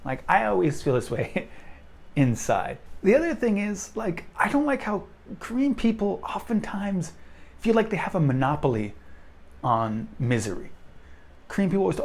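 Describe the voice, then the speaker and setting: A man's voice: high voice, sing-song, moderate pace, vocal fry. A young man vlogging straight to camera, blunt and self-deprecating in a casual rant. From United States.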